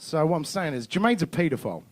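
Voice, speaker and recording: A man's voice: on the high side, very animated, quick pace, background noise. A man, doing a stand-up comedy set in a club, swearing and acting out bits of dialogue. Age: 30s. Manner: swearing, acts out dialogue with shifts of voice.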